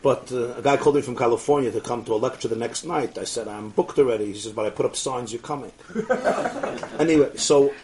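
A man giving an animated storytelling sermon, acting out the dialogue and often laughing. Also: medium pitch, brisk, noisy background. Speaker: rabbi lecturing.

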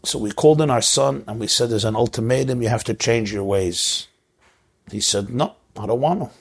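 Gravelly earnest man preaching. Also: mid-range voice, normal speed. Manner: earnest, emotional, repeats phrases for emphasis. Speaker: rabbi. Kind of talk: sermon with storytelling.

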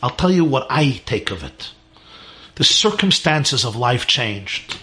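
A man's voice: medium pitch, big pitch swings, slow, pushed and bright. Male rabbi, sermon storyteller, emphatic and repetitive.

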